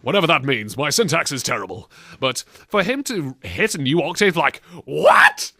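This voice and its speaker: Brief: male comedy podcast host, bright lively pitch, dry close sound, mocking. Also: a little fast, no echo. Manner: animated, mocking, bursts into silly impressions. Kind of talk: casual comedic banter.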